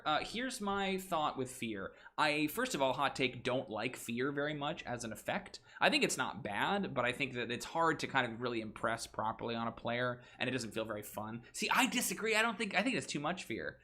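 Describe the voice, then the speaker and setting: A man chatting through a casual livestream, thinking out loud as he works. His pitch jumps around a lot and his tone is bright and forceful. He makes goofy asides along the way. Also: big pitch swings, normal speed. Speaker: stream host redesigning game monsters.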